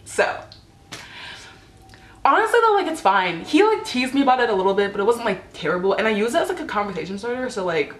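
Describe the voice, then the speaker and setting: A woman's voice: medium pitch, big pitch swings, fast, roomy sound. A teenage girl telling embarrassing stories to camera in a chatty, casual way, peppered with "like" and acted-out quotes. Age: teens. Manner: chatty, lots of "like", acts out quotes. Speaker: vlogger.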